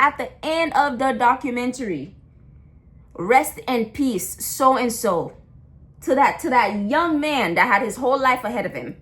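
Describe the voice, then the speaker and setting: A young woman vlogger rants with blunt passion, slangy and prone to repeating and restarting herself. She speaks on the high side with a slightly bright voice.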